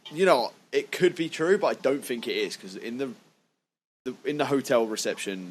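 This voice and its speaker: A man's voice: fairly low pitch, slight background noise. A young man co-hosting a podcast, telling stories in a casual chat, swearing freely and sounding indignant. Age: young adult. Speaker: podcast co-host.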